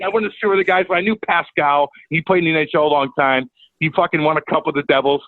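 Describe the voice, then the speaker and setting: A man telling a profane, animated story as a podcast guest. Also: a little high, fairly quick, no echo, phone-quality sound. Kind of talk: casual storytelling.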